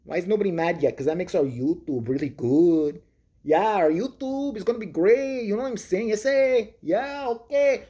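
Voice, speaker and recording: A vlogger putting on a loud, exaggerated voice to mock a smug young male auditor. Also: medium pitch, lively intonation, moderate pace, natural voice. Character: mocking caricature of a young male street auditor.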